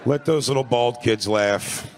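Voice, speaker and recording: A man's voice: medium pitch, a little slow. Crude joking panel guy, mid voice, noisy background. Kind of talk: comedy podcast banter.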